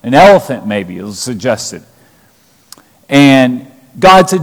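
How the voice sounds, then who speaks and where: A man's voice: mid-range voice, very animated, slow. A man preaching a sermon, retelling scripture and acting out the quoted lines with emphasis. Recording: long reverb of a large hall.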